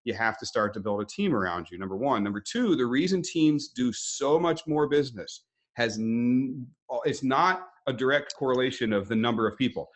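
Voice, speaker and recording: A man's voice: medium pitch, expressive, moderate pace. A man hosting a webinar interview, explaining in a conversational way with acted-out quotes.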